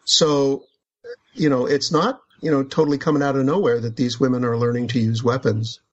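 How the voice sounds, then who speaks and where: Author chatting in a muffled recording. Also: male voice, mid-range voice, fairly even intonation, a little fast, a little hiss or hum. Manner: thoughtful, with frequent restarts and fillers. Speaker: author guest. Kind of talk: conversational interview.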